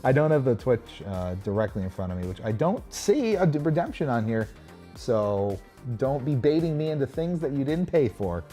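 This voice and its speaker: Hosting a casual livestream, a man rambles chattily as he walks a convention show floor and talks with viewers, full of restarts and asides. His medium-pitched voice is mellow and very animated at normal speed, with faint music behind.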